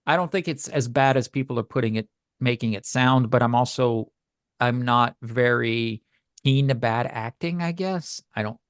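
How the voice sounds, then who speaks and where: A man's voice: medium pitch, moderate pace, clear, resonant tone, dry recording. Rambling man with a dry, close sound. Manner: rambling, hesitant, many fillers and restarts. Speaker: podcast co-host. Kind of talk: casual review chat.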